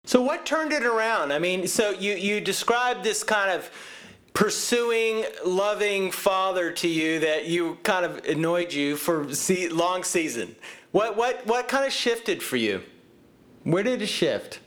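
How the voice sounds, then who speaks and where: A man hosting an interview, reflective and gently teasing, chuckling as he talks. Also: high voice, animated, measured pace. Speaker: interview host. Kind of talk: conversational interview.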